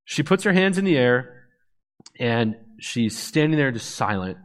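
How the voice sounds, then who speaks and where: Brief: thirties man, lively personal testimony, mid-pitched voice, vividly acts out dialogue. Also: a little slow. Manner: animated storyteller acting out dialogue. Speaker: speaker giving testimony.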